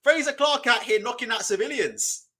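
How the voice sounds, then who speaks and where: Brief: male streamer, lively swooping delivery, loose casual commentary. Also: very high-pitched, normal speed. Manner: mocking, laughing, loose and profane. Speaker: livestream boxing watch-along host.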